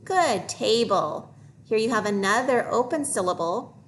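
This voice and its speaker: A woman teacher leading a phonics lesson for young children, modeling each word slowly and clearly. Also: a little high, animated, slight background noise. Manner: slow, deliberate modeling of words for young learners.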